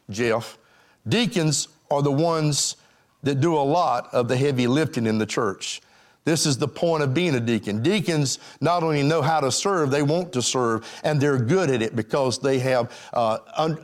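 A man preaching a sermon as pastor, calling out questions to his congregation. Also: a little high. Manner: emphatic preaching, calls out to the congregation.

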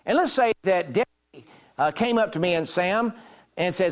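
Folksy pastor preaching. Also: male voice, a little high, fairly quick. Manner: folksy storytelling, acts out quoted dialogue. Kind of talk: sermon.

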